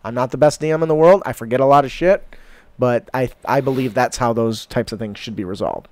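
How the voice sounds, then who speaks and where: A man's voice: mid-range voice, brisk, darkish tone, no room sound. A man co-hosting a casual podcast from the United States, laughing often and swearing casually. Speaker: podcast co-host.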